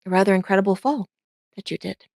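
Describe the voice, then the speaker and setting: An earnest young noblewoman speaks in formal, courteous period phrasing at a middling pitch, as a woman puts her on. The voice is dry and close-miked. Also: quick pace, gravelly, darkish tone, dry recording, natural voice. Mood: admiring. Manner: formal, polite period speech.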